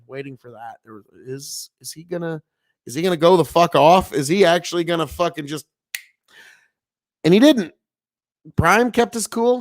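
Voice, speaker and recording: A man's voice: a little high, no echo, clean studio sound. A man from Nebraska, a farmer, talking casually and profanely on a livestream from inside an old family mill, rambling with many fillers. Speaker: farmer streaming commentary.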